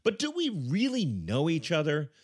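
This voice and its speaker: A man's voice: fairly high pitch, huge pitch swings, moderate pace, husky. A man hosting a comedy podcast in a dry, wry, playful way. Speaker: host.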